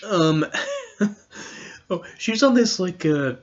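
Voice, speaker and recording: Podcast host, solo commentary. Rambling, sarcastic, laughs a lot; mid-pitched, slightly muffled lo-fi sound. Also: expressive, extremely slow. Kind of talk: casual political commentary monologue.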